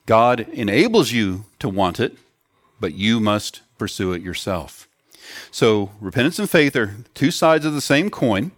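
A man's voice: on the low side, lively intonation, measured pace, no echo. Man preaching a dry, close sermon. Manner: earnest teaching tone with questions to the children. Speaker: pastor. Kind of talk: sermon to children and adults.

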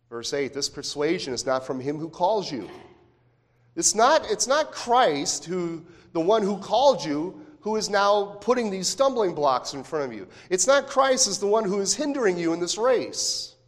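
Conversational pastor preaching with rhetorical questions. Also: male voice, on the high side, lively intonation, normal speed. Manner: repeats words when restarting phrases. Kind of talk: sermon.

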